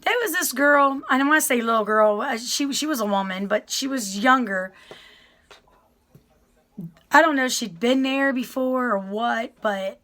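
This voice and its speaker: A woman's voice: on the high side, unhurried, a bit bright. A middle-aged woman telling her story to viewers in a chatty, rambling way, often apologizing and restarting her sentences. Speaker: vlogger sharing her prison experience.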